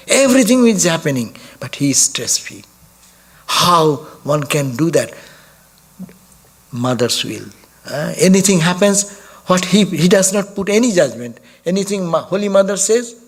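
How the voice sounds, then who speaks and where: Monk man preaching, kinda high voice, stops and restarts a lot, little laughs. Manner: halting, repeats and restarts words while explaining; laughs softly while telling stories. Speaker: monk giving a talk. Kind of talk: sermon.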